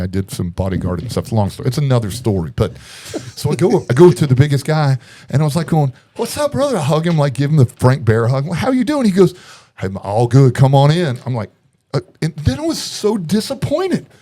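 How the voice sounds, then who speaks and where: A man's voice: medium pitch, lively intonation, a little fast, dark tone. A man telling a long story as a podcast guest in casual chat, acting out quoted voices and laughing often.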